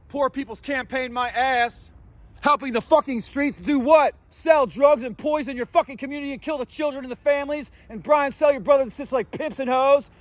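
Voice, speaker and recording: Street vlogger, male, high-pitched, profane and confrontational, ranting to camera outdoors. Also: no echo. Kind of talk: angry street rant.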